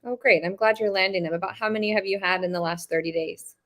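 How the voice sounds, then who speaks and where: A woman's voice: medium pitch, steady tone, quick pace, fairly bright tone. A woman co-hosting a career podcast, talking casually and reassuringly about coaching clients.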